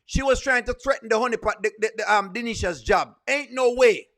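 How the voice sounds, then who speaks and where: Talking fairly quickly, a man comments on a comedy skit in a reaction video. His voice is high, bright, and forceful as he scolds with emphasis and repeats lines for effect.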